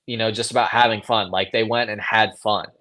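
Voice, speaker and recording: Low-ish voiced racer dude, chill advice, like, you know, fillers everywhere. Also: male voice, fairly even intonation, fairly quick, bright, forceful tone. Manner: filler-heavy, earnest, says like and you know a lot. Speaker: motocross racer, podcast guest. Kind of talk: casual interview chat.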